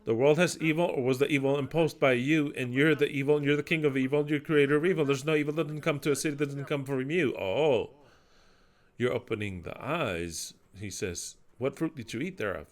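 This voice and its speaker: A man preaching a sermon, reading scripture aloud and commenting on it with sarcasm and crude swearing, swinging from loud declamation to low muttering. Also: fairly quick.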